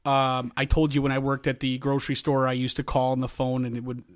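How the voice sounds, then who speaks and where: Rambling through anecdotes with frequent restarts, this middle-aged man co-hosts a casual podcast conversation. His medium-pitched voice is monotone, and his pace is quick.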